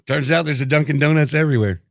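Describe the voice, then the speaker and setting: A man's voice: fairly high pitch, quick pace, gravelly, no echo. Easygoing man co-hosting morning radio. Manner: easygoing, laughs often. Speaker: radio show co-host. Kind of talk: casual morning radio banter. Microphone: studio microphone.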